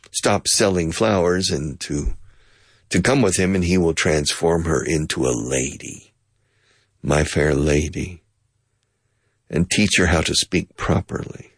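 A man teaching an English lesson in a playful, casual way, repeating phrases slowly and switching to Spanish to explain. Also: deep voice, breathy edge, dry recording, clean studio sound.

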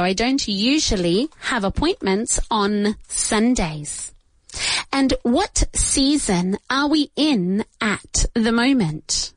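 Woman English teacher, 40s, slow and deliberate, dry close sound, drills each phrase twice. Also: fairly high pitch, dry recording. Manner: repeats each answer slowly, switches to Spanish to explain. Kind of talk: beginner English lesson.

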